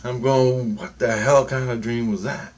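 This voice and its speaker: A man's voice: medium pitch, fairly even intonation, measured pace, slight background noise. A man telling a long dream story in a casual, meandering, profane way.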